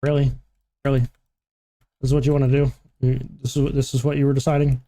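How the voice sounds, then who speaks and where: A man's voice: medium pitch, level tone, fairly quick, mellow. A man streaming a game live, chatting casually, joking, humming and talking to himself as he plays.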